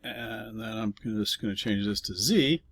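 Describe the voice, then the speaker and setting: A man's voice: fairly low pitch, unhurried, creaky, fairly bright tone, dry recording. A man teaching a casual programming lesson, explaining step by step with fillers and offhand asides while typing. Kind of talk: casual screen-recorded coding lesson.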